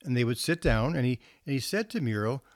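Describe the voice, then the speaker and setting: Addressing parents in a storytelling talk, this counselor keeps things casual and chatty, occasionally restarting a phrase. He speaks briskly at medium pitch, and the studio-quality recording has no echo.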